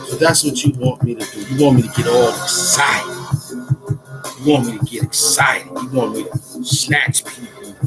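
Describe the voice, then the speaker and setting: A man from Harlem, freestyling and talking to camera in a swaggering, profane way, swinging from loud shouts to low mutters. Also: moderate pace. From Harlem, New York. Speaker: rapper and vlogger. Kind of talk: freestyle rap and street talk to camera. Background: loud music.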